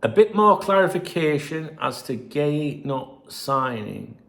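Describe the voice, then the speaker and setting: A man's voice: fairly high pitch, sing-song, slow pace, gravelly, a bit bright. A man hosting a football channel, reading out messages and chatting to viewers in a sweary, rambling way. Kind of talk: casual solo commentary reading messages.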